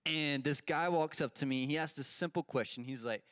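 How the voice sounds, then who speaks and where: A man's voice: on the high side, moderate pace, fairly bright tone, no room sound, studio quality. A man teaching a casual Bible lesson, asking his group questions and telling a personal story with many fillers.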